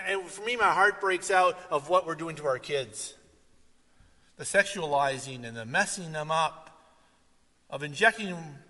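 Bright-voiced preacher in a reverberant hall. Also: male voice, high-pitched. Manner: swings from loud animated retellings to quiet earnest asides. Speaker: pastor. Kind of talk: sermon.

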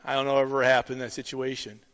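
A middle-aged man preaching a sermon as pastor, telling stories and acting out the dialogue with lively energy. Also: medium pitch, very fast, clear, resonant tone. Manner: storytelling, animated with acted-out dialogue. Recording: long reverb of a hall.

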